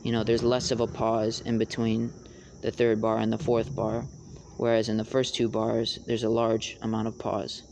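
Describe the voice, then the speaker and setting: A young man explaining rap rhyme schemes in a casual tutorial, halting with many fillers. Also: fairly low pitch, monotone, creaky, darkish tone, slight background noise. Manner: halting, many fillers, raps lines to demonstrate.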